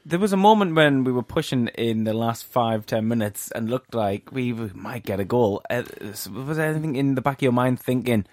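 A man hosting a casual football podcast in a studio, relaxed and hesitant. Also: mid-range voice, brisk, hardly any pauses, dry recording. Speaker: podcast host.

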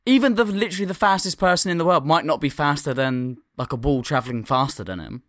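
A man's voice: fairly high pitch, fast, fairly bright tone, no room sound, studio quality. A young man co-hosting a podcast, playful and jokingly boastful in casual chat. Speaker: podcast co-host.

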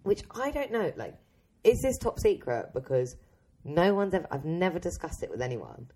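A woman in her twenties co-hosting a podcast, chatting casually and asking lively, incredulous questions. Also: on the low side, normal speed, slightly rough. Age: 20s. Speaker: podcast co-host. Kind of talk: casual chat.

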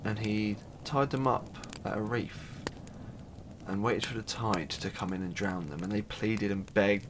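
A man's voice: on the low side, unhurried, a little hiss or hum. A man casually retelling a myth, chatty and irreverent, with asides and the odd swear. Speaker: storyteller.

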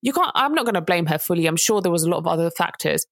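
A woman's voice: lowish voice, expressive, very fast, vocal fry, no echo. A woman, co-hosting a casual chat and telling a story in an earnest way that rises to indignant emphasis. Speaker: podcast co-host.

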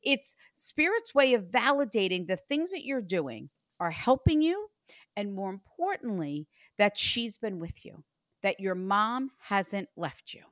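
A woman psychic medium giving a reading, animated and chatty, acting out what the spirit says. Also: mid-range voice, unhurried, dry recording, clean studio sound. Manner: animated, acts out the spirit's voice in quotes.

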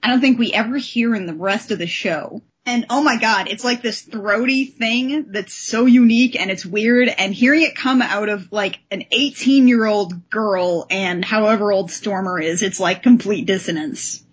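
A woman co-hosting a podcast who recaps an episode in a casual, animated way and often acts out the characters. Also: medium pitch, moderate pace, hardly any pauses, husky, highs cut off. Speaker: podcast co-host.

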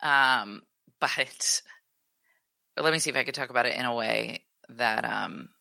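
A woman's voice: a bass voice, a little slow, creaky, no room sound. A woman in her thirties co-hosting a podcast, telling a story in casual chat and acting out what people said. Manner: animated storytelling, acts out quotes. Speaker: podcast co-host.

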